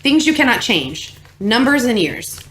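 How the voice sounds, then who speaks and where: Woman podcast co-host, teasing and giggly, lively up-and-down delivery. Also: on the high side, unhurried. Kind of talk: casual chat.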